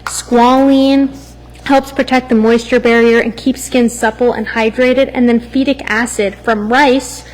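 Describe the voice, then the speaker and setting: Upbeat young woman pitching skincare. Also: flat delivery, unhurried, darkish tone. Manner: smooth, upbeat product pitch. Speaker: host presenting products. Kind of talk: product presentation and chat. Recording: room with long reverb.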